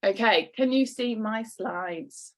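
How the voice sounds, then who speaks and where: A woman's voice: a little high, takes it slowly, fairly bright tone. A woman giving an encouraging online workshop talk to business owners over a video call. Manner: encouraging, lightly acts out quoted voices.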